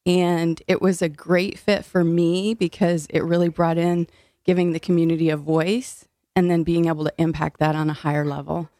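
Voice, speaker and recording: A woman's voice: lowish voice, level tone, moderate pace, warm tone, dry recording, clean studio sound. An older woman from Illinois, a city food policy director, talking earnestly as an interview guest with some fillers and a little breathless. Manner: earnest, frequent fillers, laughs easily. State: slightly out of breath. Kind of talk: interview conversation.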